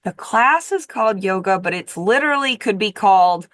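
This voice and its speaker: A woman coach talks straight to the camera in a casual monologue. She is emphatic, repeats herself for effect, and drops in the odd swear word. Her pitch is middling, and the recording is dry and close. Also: lively intonation, normal speed, a bit bright, no echo. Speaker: diet coach and vlogger.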